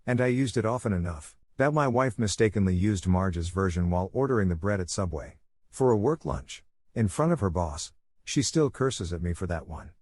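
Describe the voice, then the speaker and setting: A man with a fairly low voice reads forum posts aloud. His delivery is plain, with playful lifts on quoted words. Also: a little mellow. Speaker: narrator reading online posts.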